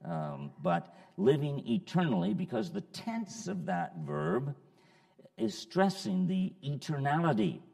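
A man teaching a Bible study lesson, working slowly through a verse and repeating key phrases, with many pauses and fillers. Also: on the high side, gravelly, dark tone, big-room sound.

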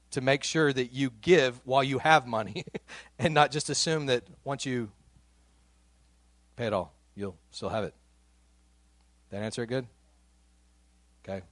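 A middle-aged man preaches like he is chatting with friends, in a voice that sits in the middle of the male range. He stumbles and repeats words as his thoughts rush ahead. The sound is dry and close, with no room echo. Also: medium pitch. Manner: conversational, animated, with frequent repeated words and laughs. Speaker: pastor. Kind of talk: sermon.

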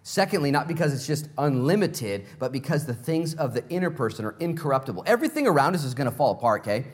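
A man's voice: a little high, sing-song, fast talker. A male pastor preaching a sermon in a casual, conversational way, full of rhetorical questions.

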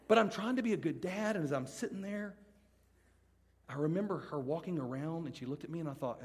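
A middle-aged man preaching a sermon to students before a live audience. He tells a personal story with animated comic swings, then turns hushed and earnest. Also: high-pitched, fast talker, husky. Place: large hall with a live audience. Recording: long hall reverb from a live venue.

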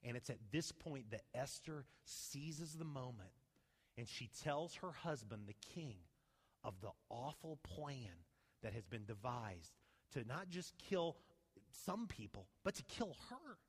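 A man preaching a sermon, retelling a story with lively rhetorical questions to his congregation. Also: medium pitch, unhurried, slightly rough. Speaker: pastor. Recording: long hall reverb.

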